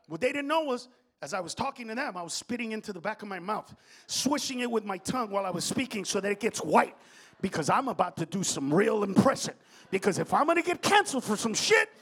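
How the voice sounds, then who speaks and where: A man performs stand-up on a comedy stage, his voice pitched high and swooping all over the place. He swears freely and swings from shouted punchlines to low, confiding asides, speaking into a handheld mic. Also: expressive, a little fast, husky.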